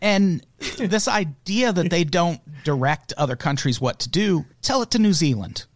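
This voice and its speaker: A man's voice: high-pitched, expressive, measured pace, no room sound, clean studio sound. A man hosting a casual comedic news podcast, sarcastic and profane, laughing as he talks. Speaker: podcast host.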